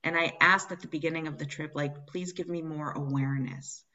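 Low-voiced woman telling a heartfelt story. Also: fairly even intonation, brisk, pushed and bright, lo-fi sound. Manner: earnest, searching, many restarts. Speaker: spiritual medium. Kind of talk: conversational storytelling.

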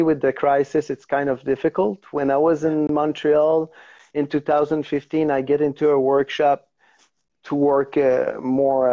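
Man, Quebec French accent, native French speaker, halting, mellow voice, dull lo-fi call audio. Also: medium pitch. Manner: halting, searching for English words. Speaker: actor guest. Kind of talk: casual interview.

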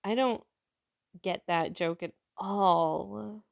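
A woman's voice: medium pitch, very slow, vocal fry. Woman, casual joke reader, chatty, comments between jokes, mid-range voice. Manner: chatty, reads jokes aloud and comments on them.

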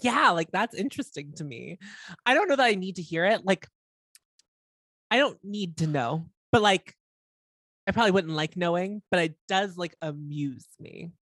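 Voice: mid-range voice, expressive, moderate pace, a bit bright, dry recording, clean studio sound. A person in casual conversation, blunt and wry, laughing often between remarks. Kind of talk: casual chat.

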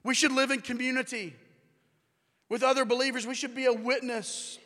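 A pastor preaching a sermon in a chatty, conversational way, asking the congregation questions and repeating key phrases. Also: male voice, very high-pitched, flat delivery, normal speed, sharp tone. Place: church sanctuary. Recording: long reverb of a large hall.

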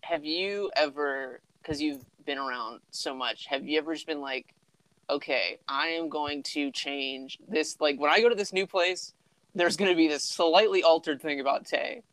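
A young man in relaxed conversation, easygoing and laughing as he tells loose stories. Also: a little high, moderate pace, clean tone, no room sound, rough recording. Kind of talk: casual chat.

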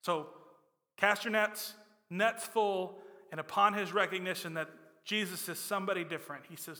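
A man's voice: sits high, normal speed. Emphatic male preacher in a reverberant hall. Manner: emphatic, swinging from loud to soft. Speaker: pastor. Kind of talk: sermon.

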